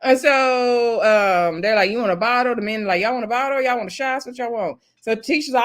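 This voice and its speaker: A woman's voice: a little high, fast, few pauses. A woman casually recapping a reality TV episode, chatty and laughing often, acting out cast members' lines. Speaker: TV show reviewer.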